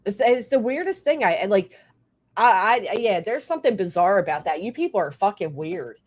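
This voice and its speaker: A woman's voice: mid-range voice, sing-song, normal speed. Blunt, profane woman streamer. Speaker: livestreamer. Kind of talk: live stream rant and member shout-outs.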